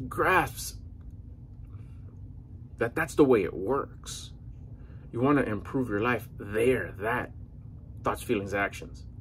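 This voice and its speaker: A man's voice: lowish voice, a little hiss or hum. A man in his forties giving rambling, earnest motivational talk to camera, a little out of breath after a workout. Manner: rambling, earnest, with slang and restarts. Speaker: vlogger.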